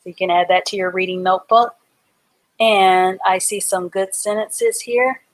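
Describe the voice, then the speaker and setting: A woman's voice: mid-range voice, steady tone, moderate pace. A woman teaching a live online reading class, patiently spelling words out letter by letter and explaining them simply.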